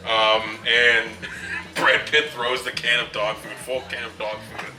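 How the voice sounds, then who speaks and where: A man's voice: mid-range voice, level tone, unhurried, sharp tone, slight background noise. A man co-hosting a casual movie review, retelling scenes and chuckling often. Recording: roomy and distant, with music behind.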